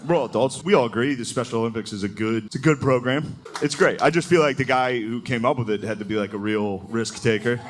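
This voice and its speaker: A man's voice: medium pitch, quick pace, a little hiss or hum. A man doing a laid-back, crude stand-up comedy set, acting out mock dialogue between imagined people.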